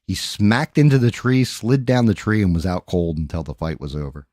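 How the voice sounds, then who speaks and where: A man's voice: low-pitched, moderate pace, dry recording, studio quality. A man hosting a livestream chat and telling a story casually, swearing freely and adding sound effects as he talks. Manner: profane, animated, with sound effects. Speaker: livestream host.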